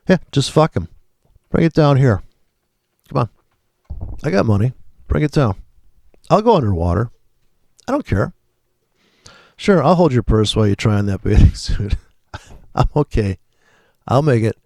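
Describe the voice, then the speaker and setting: A man's voice: mid-range voice, sing-song, unhurried, gravelly, long pauses, darkish tone, dry recording, clean studio sound. A man talking casually and profanely as he comments live on trading charts, rambling and thinking aloud. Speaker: trading video host.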